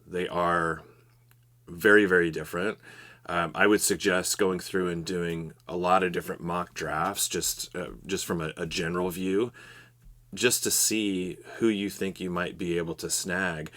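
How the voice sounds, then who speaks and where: A man co-hosting a podcast, giving steady advice in a casual explanatory way. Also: sits low, measured pace. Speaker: podcast co-host.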